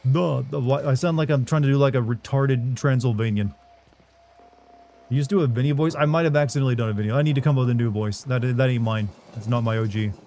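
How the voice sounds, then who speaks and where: A man with a fast, medium-pitched, darkish voice streams a game live, joking with his viewers and trying out silly voices as he comments on the gameplay.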